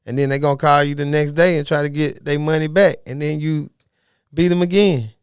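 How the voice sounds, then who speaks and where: A man talking as a podcast guest in a casual interview, animated and full of streetwise slang. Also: on the high side, brisk, smooth, dry recording, clean studio sound. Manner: animated, streetwise slang, asks "you know what I mean". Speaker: podcast guest, golf caddie.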